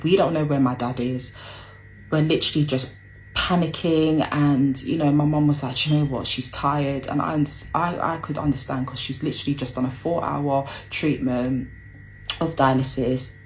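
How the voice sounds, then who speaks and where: A woman's voice: sits low, steady tone, moderate pace, slight background noise, rough recording. A young woman telling a personal story, hesitant with lots of ums and acting out what people said.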